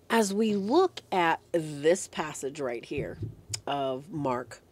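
Low-voiced woman host with a head cold. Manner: animated storyteller, clears throat often. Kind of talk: devotional meditation talk.

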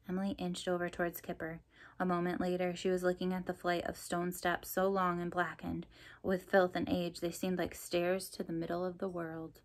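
Woman narrator, low-pitched, expressive storybook reading. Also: normal speed. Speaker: audiobook narrator.

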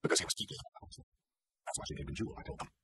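A man narrating a literary novel as an audiobook, reading in a measured, brooding way. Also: pushed and bright, no room sound.

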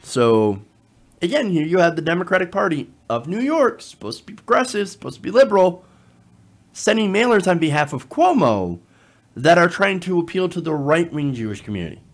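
A man giving online political commentary, talking in an animated, sarcastic way with frequent fillers. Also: high voice, fairly quick.

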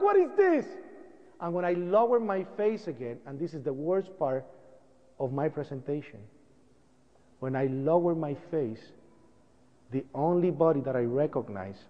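A man giving an emotional first-person account to an audience, telling it with dramatic storytelling and a voice that climbs and cracks at the worst moments. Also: on the high side. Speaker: speaker giving a presentation. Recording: dull broadcast audio with long hall reverb.

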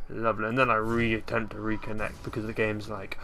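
A man talks over his gameplay in a relaxed, rambling commentary. He keeps undercutting himself with dry, self-mocking jokes. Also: on the low side, normal speed, hardly any pauses, a little hiss or hum. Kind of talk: casual game commentary.

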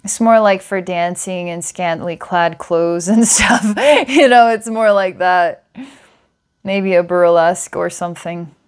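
A woman's voice: fairly low pitch, unhurried, smooth. Woman psychic giving a meandering reading. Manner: meandering, with filler words and small laughs. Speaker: psychic reader. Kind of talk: guided past-life reading to a client.

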